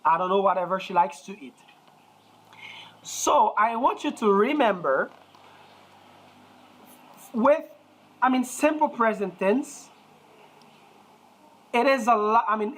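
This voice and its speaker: A Haitian woman with a Haitian accent teaches an English lesson in a voice of middling pitch. She rambles, correcting herself often and filling pauses with "um" and "I mean." When she drills words, she draws each one out slowly. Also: rough recording. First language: Haitian Creole. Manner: rambling, with many fillers and self-corrections; slow, drawn-out pronunciation drills. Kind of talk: recorded online grammar lesson.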